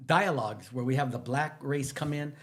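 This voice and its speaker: A man, a teacher guesting on a podcast, telling stories in an animated, rambling way that jumps from one topic to the next. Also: normal speed. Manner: animated, rambling, jumps between stories, emphatic pitch rises. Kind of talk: casual storytelling interview.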